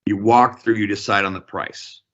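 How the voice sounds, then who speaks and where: A man teaching a real estate negotiation class, coaching in a deliberate, emphatic way. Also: on the low side, steady tone, a bit bright, dull audio.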